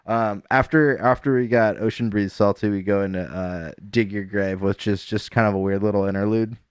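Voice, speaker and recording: A man co-hosting a casual music podcast, talking in a rambling, halting way with many restarts and fillers. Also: on the low side, fairly even intonation, clean tone, no echo, studio quality. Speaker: podcast co-host. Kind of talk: casual chat about music.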